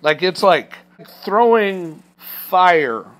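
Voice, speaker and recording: A man's voice: high-pitched, sing-song, drawn-out words, fairly bright tone. A man in his thirties from Kansas, retelling a workplace clash in a personal vlog, indignant and getting heated. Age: 30s. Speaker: truck driver trainee, vlogger.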